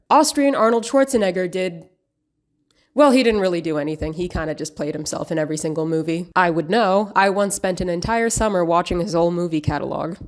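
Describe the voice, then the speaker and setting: A woman delivering scripted commentary in a sarcastic, pointed manner. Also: on the low side. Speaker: commentary vlogger.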